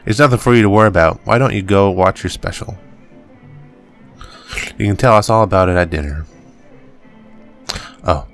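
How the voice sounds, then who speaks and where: A man voicing a tired, ill mother who speaks softly and reassuringly to her son. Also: lowish voice, lightly acted. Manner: soft, soothing, motherly.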